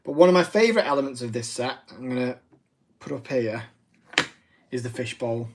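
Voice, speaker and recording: Man, 30s, mid pitch, livestream craft host, rambling and self-deprecating. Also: expressive, normal speed, noisy background. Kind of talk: casual live craft demo.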